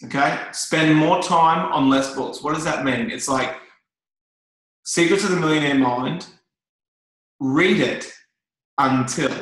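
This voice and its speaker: A man's voice: on the high side, bright, forceful tone. A man giving a casual motivational talk to a group, full of fillers and restarts. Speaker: network marketing trainer. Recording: very echoey room.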